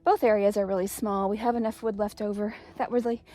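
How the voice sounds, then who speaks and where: Out on a hillside homestead, a chatty East Tennessee woman records casual vlog talk while out of breath. She's a homestead vlogger with a mellow, medium-pitched voice, a steady tone and a quick pace, rambling along in an upbeat mood.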